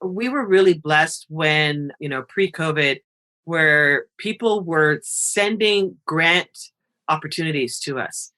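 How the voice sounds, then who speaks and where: A woman who founded a nonprofit, a guest on a radio interview, telling stories in a lively, expressive way and laughing often. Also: low voice, takes it slowly. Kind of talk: animated storytelling interview.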